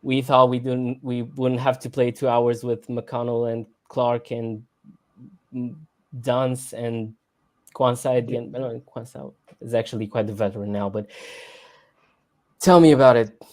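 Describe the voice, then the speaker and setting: A man hosting a casual football livestream, talking in a mellow, darker tone at a medium pitch. He rambles and stammers, repeating words as he searches for them, and slips sarcasm into his points. It feels like an informal chat among fans. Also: level tone, measured pace. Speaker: livestream co-host. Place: home room, lives abroad.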